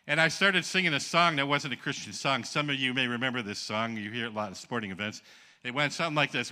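An older man preaching from a church stage, his voice strikingly bright and forceful at a middling pitch. He acts out every quote as he tells the story and breaks into laughter at his own tales. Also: a little fast. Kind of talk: storytelling sermon. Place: church auditorium.

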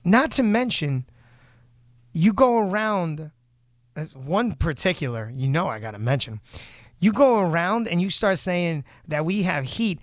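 A man's voice: high voice, sing-song, normal speed, no echo, studio quality. A man hosting a casual talk show, ranting bluntly and heatedly, swearing as he vents. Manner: blunt, heated, swearing, quotes others in put-on voices. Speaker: show host. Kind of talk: casual podcast rant.

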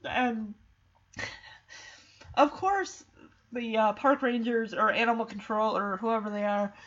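A woman's voice: on the high side, level tone, normal speed, a bit bright. A woman casually retelling a movie in a chatty, emotional way with lots of fillers. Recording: dull lo-fi recording.

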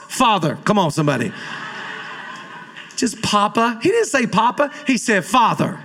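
Fervent, bright-voiced male pastor preaching. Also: high-pitched, animated, normal speed. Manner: fervent preaching with call-and-response exhortations. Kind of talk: sermon.

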